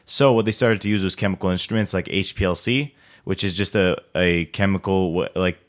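A man co-hosting a podcast, explaining facts in casual chat with fillers and easy laughter. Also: on the low side. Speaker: podcast co-host.

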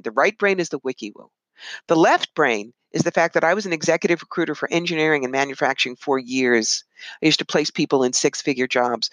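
A woman psychic medium and author, a guest in an interview, telling animated stories and putting on voices when she quotes people. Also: deep voice, no room sound, low-quality recording. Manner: animated, puts on voices when quoting others. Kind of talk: conversational interview storytelling.

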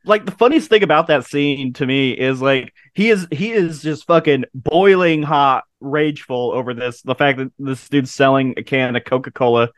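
A man's voice: mid-range voice, moderate pace, few pauses, dry recording. A man in his thirties chatting casually about a film, laughing often and swearing freely. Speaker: podcast co-host.

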